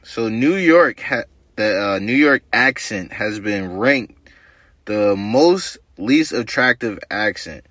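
A man's voice: fairly low pitch, animated, slow pace, fairly bright tone, no echo. A man co-hosting a casual podcast, bringing up topics and asking questions. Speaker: podcast co-host. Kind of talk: casual banter.

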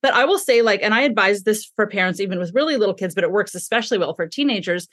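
A woman explaining parenting ideas in a calm, thoughtful way in a podcast conversation. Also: medium pitch, fast, no room sound, studio quality. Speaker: parenting expert guest.

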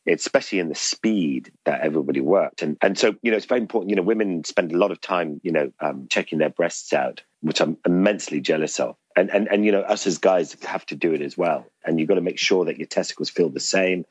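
A man's voice: low-pitched, fast talker, few pauses, slightly rough, no room sound, lo-fi sound. A middle-aged man telling a rambling, self-deprecating story in an interview, laughing often. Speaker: interview guest. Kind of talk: casual anecdotal storytelling.

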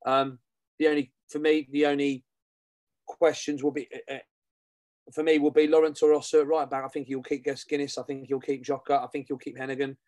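A man's voice: on the high side, level tone, brisk, a little mellow, dry recording. A man co-hosting a fan podcast, rambling in casual football chat and repeating himself. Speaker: podcast co-host.

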